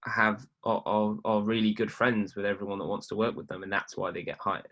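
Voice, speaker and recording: A man, a filmmaker guest on a podcast, chatting casually in a relaxed, hesitant way with frequent fillers and restarts. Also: lowish voice, brisk, dull audio.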